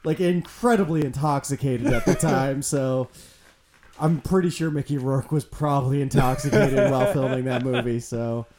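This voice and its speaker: A man's voice: mid-range voice, fairly even intonation, moderate pace, crowd noise. Chatty man hosting a podcast. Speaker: podcast host. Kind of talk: casual chat.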